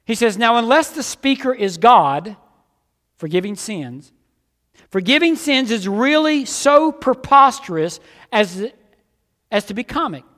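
A man preaching a sermon, swinging between emphatic outbursts and hushed, low passages. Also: lively intonation, a little slow, long reverb tail.

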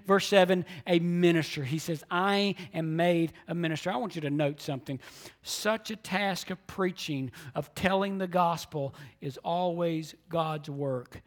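A man preaching a sermon as pastor, swinging from hushed, near-whispered lines to loud emphatic declarations and repeating key phrases. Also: on the high side, a little slow.

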